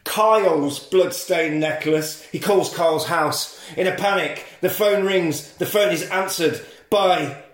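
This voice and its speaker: A man's voice: high voice, slow, hardly any pauses. A man recapping a film plot as a podcast host, jokey and sweary. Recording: echoey room.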